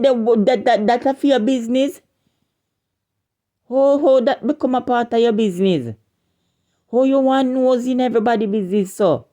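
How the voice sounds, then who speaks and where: A woman's voice: sits low, warm tone. A woman with a Jamaican accent delivering an indignant scolding rant as an online commentator, repeating and stumbling over her words.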